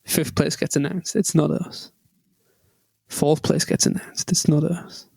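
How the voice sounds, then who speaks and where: A man's voice: a little high, flat delivery, unhurried, creaky, a little mellow, breathy edge, dry recording, studio quality. A man co-hosting a podcast and telling a rambling, self-deprecating story with lots of ums. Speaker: podcast co-host. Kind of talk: casual chat, storytelling.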